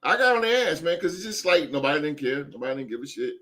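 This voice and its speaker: A man hosting a sports podcast and coaching youth basketball, talking loudly and emphatically with plenty of swearing. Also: on the high side, fast talker. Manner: loud, swearing, animated and emphatic. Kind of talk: casual sports podcast chat.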